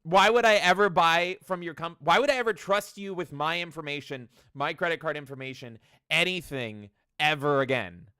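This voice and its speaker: A man co-hosting a casual podcast, ranting in an animated, profane way and mocking the text he reads aloud. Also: fairly high pitch, moderate pace, hardly any pauses, smooth, no room sound, studio quality. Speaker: podcast co-host.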